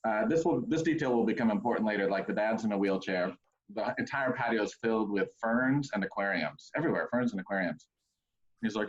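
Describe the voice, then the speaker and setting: A man's voice: brisk, dull audio. A man, a pastor, telling a funny wedding story in casual chat, acting out the people in it. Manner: animated, acts out characters in high voices.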